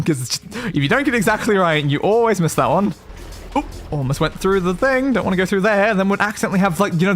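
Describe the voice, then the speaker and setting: A young Australian man gives running commentary as he plays, coaching himself through jumps and chatting with viewers. His voice sits high and swings up and down a lot, with faint music underneath. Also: fairly bright tone. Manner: chatty, self-coaching, talks to chat. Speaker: streamer. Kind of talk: casual gameplay commentary.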